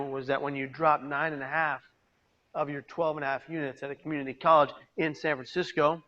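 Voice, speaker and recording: A man giving a personal testimony as a peer mentor, storytelling dramatically and swinging between hushed and loud delivery. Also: fairly high pitch, lo-fi sound. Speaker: peer mentor and suicide prevention speaker. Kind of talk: personal testimony to a live audience. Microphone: video call.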